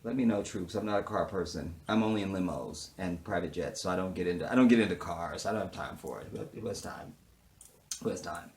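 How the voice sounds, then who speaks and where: A man with a lowish voice recapping a TV episode in a casual, sassy way. He swears freely and jumps from hushed, murmured asides to loud outbursts. He acts out the characters' lines as he goes. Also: quick pace, hardly any pauses. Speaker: TV show reviewer. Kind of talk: casual, animated recap with quoted dialogue.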